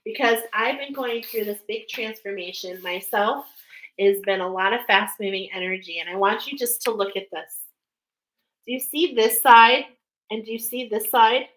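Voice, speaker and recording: A woman's voice: a little high, normal speed, fairly bright tone, rough recording. A woman giving an intuitive spiritual reading to her viewers, rambling with many fillers and getting emotional as she speaks. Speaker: spiritual card reader.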